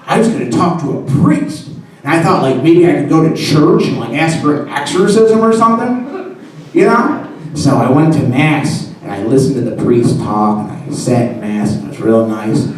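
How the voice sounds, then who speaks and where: A man's voice: on the high side, lively intonation, moderate pace, recorded from a distance. Man storyteller on stage, rambling, self-mocking, picked up from afar in an echoey room. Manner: rambling, self-deprecating, full of "you know" and "like". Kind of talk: live personal storytelling. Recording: roomy hall heard from afar.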